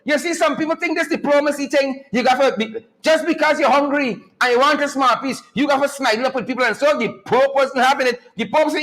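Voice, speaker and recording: A man hosting a live-streamed talk show, animated and mocking, with a preacher-like cadence. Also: very high voice, a little fast, hardly any pauses, poor audio.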